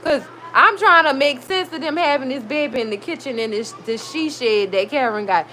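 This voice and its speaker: Heated, high-voiced woman recapping a show. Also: normal speed, rough recording. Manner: animated, swearing, heated reactions. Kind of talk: casual TV recap vlog. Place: her room at home. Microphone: recorded.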